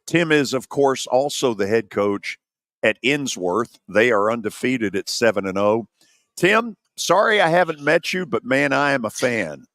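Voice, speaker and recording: An older man with a Southern accent hosting a sports talk radio show, telling folksy stories with animated quotes. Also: mid-range voice, a little slow, dry recording, studio quality. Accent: Southern American. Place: studio at an ice center venue. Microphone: studio microphone.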